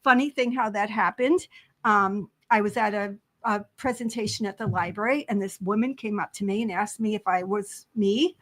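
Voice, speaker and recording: An older retired woman volunteering as a community advocate, chatting eagerly and at length in a talk show interview, often laughing. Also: medium pitch. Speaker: library volunteer advocate guest.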